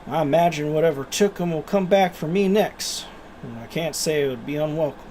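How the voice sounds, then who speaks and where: A man's voice: a little high, fairly quick, a little mellow, a little hiss or hum, close to an everyday voice. A man voicing a grieving, gloomy village blacksmith with a wandering put-on Scottish brogue.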